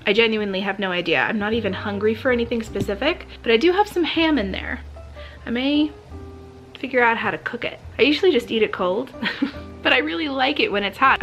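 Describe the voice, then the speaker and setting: An American woman hosting her own vlog, chatting casually with friendly asides to viewers. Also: medium pitch. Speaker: vlogger host.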